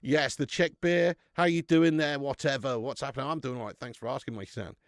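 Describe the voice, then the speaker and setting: A man's voice: mid-range voice, steady tone, brisk, dry recording, clean studio sound. A man, hosting a casual live stream and bantering with viewers in a chatty, matey way, laughing often.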